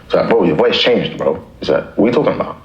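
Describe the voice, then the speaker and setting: Deep-voiced man telling a story. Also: quick pace, creaky, reverberant, dull audio. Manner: animated, slangy anecdote-telling. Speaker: rapper guest. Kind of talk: casual storytelling.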